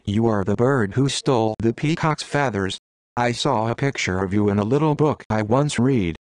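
A man's voice: medium pitch, moderate pace, a little mellow, dry recording, lightly acted. A man voicing a polite, sensible little girl in a storybook, speaking in a firm, well-mannered way.

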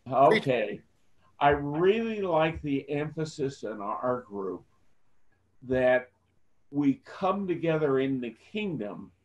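A man speaks very slowly on a video call, in a measured and halting way, with pauses between phrases. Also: on the high side, very animated, rough recording. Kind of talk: sharing in a video-call forum.

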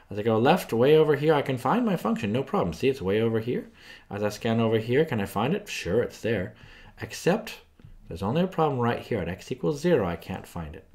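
A man's voice: lowish voice, a little mellow. A man teaching a math lesson over a screen recording, chatty and thinking aloud as he draws graphs, often asking the viewer questions. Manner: asks the viewer frequent questions. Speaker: math tutor.

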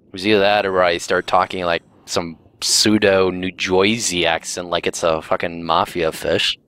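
Low-voiced man, deadpan game commentary. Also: moderate pace, smooth. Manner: wry, deadpan joking. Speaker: let's play commentator. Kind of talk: casual gaming commentary.

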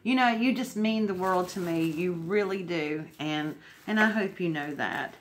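A woman's voice: on the low side, a little slow, a little hiss or hum. A woman unboxing craft mail at home, gushing and emotional. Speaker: crafting vlogger. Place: home indoors.

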